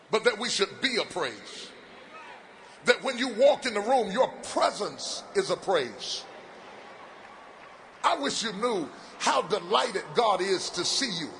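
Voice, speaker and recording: At a big event, a middle-aged preacher delivers a sermon on a stage mic in a high voice, his rhythm swelling into shouted sing-song cadences before easing into playful folksy asides. There's a little hiss or hum.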